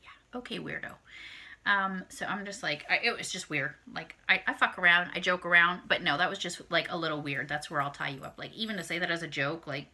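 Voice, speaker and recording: A vlogger with a fairly low, bright voice speaks briskly and forcefully. Talking to camera, the woman bluntly tells a dating story, casual and heavily profane, acting out how she reacted.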